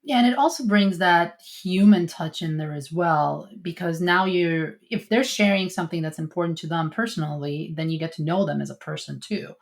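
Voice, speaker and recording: A woman's voice: fairly low pitch, moderate pace, hardly any pauses. A woman hosting a podcast interview, summarizing points and asking probing follow-up questions. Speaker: podcast host.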